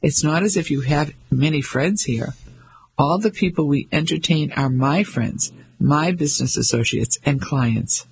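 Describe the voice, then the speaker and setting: A man with a raspy voice playing a pompous, patronizing English husband in his fifties who blusters hastily. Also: a little high, unhurried, heavily acted, low-quality recording. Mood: dismissive. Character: pompous 55-year-old English banker husband.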